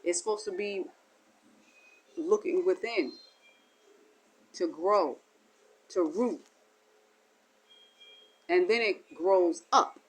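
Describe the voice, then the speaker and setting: A woman's voice: fairly low pitch, takes it slowly, pauses often, slightly rough, rough recording. A woman delivering a spiritual monologue as a teacher, in a meandering, repetitive and folksy way. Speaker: self-styled spiritual teacher.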